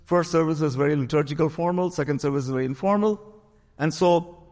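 A man's voice: fairly high pitch, fast talker, darkish tone, in a large hall. A pastor telling a story in a sermon, acting out the voices of the people he quotes.

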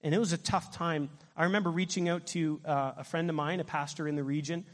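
A middle-aged man preaching a sermon as pastor, animated and asking his congregation questions. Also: a little high, quick pace, in a large hall.

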